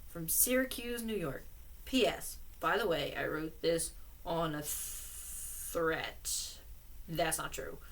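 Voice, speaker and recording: A woman's voice: low voice, slow pace, a little hiss or hum. Giggly woman reading letters aloud. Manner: giggly, laughs often between lines. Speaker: reader and commentator.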